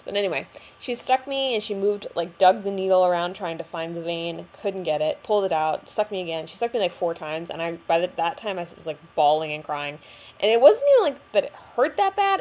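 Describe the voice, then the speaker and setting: A young woman vlogger speaks candidly to the camera about a difficult period, her lowish voice carrying a darkish tone. She's chatty and uses lots of fillers as she tells her personal story.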